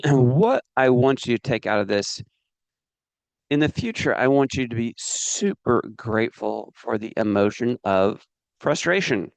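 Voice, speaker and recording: A man leading a live business training seminar, energetic and coaxing the audience to join in. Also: medium pitch, no room sound, muffled recording.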